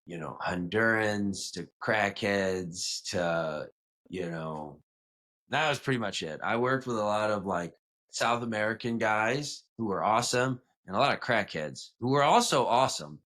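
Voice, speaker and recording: Young man, light south louisiana accent, low voice, rambling podcast guest. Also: lively intonation, normal speed, a bit bright. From Louisiana, south of New Orleans. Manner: rambling, self-correcting, with many "like" and "you know". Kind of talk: casual storytelling interview.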